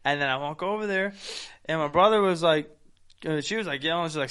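A young man co-hosting a casual podcast, telling a profane story with loud bursts of laughter. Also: a little high, fast, clear, resonant tone. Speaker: podcast co-host.

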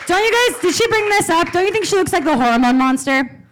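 A woman hosting a comedy show, loudly hyping the acts with crude banter. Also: very high-pitched, animated, brisk, background noise. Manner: loud, hyped, crude banter. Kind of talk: emceeing.

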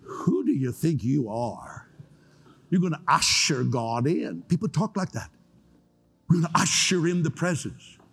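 A pastor preaching in a relaxed, conversational way, with joking asides, easing into prayer. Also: male voice, fairly high pitch, unhurried, creaky, breathy edge. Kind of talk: sermon.

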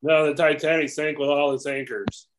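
A man's voice: fairly high pitch, steady tone, moderate pace, slight background noise, low-quality recording. A man co-hosting a podcast in casual chat, matter-of-fact and often giving short agreeing replies. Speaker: podcast co-host.

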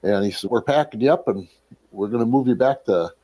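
A middle-aged man from Wisconsin telling his life story as a testimony, animated and acting out the people he quotes. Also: mid-range voice, brisk. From Wisconsin, USA. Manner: animated storyteller who acts out quoted people and often clears his throat.

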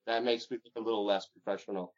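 A man plays a tabletop game with dry, laid-back remarks in a mid-pitched voice. The recording sounds dull and lo-fi. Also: steady tone, fast talker. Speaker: player. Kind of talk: casual tabletop play.

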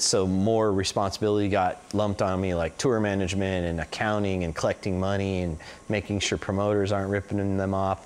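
A man in his forties answering interview questions, telling long stories loosely and filling them with "like" and "you know.". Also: sits low. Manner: rambling, peppered with "like" and "you know". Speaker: interview guest. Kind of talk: casual interview storytelling.

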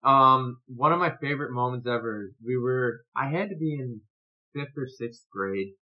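A man telling a funny family story on a casual podcast, animated and ready to act out the people in it. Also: mid-range voice, moderate pace, dull audio. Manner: animated storyteller, shouts when acting out his parents. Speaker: podcast co-host.

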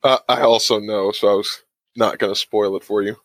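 A man's voice: fairly low pitch, fairly even intonation, brisk, a bit bright, dry recording. A man guesting on a podcast in casual chat, knowledgeable and precise with details.

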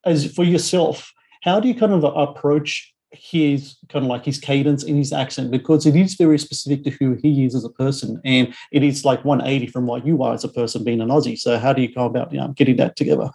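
A man's voice: mid-range voice, steady tone, a little fast, vocal fry, dark tone. A man hosting a podcast, asking loose, filler-heavy questions and reading a sponsor ad. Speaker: podcast host. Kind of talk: interview questions and read ad.

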